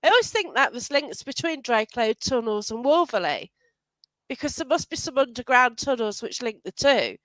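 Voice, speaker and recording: A woman hosting a casual live show speaks in a high voice with lots of up-and-down movement. Her recording is dry and close. She welcomes viewers and laughs easily between remarks. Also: normal speed, dry recording, low-quality recording. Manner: warm greetings to viewers, animated, laughs often. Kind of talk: casual live-stream chat.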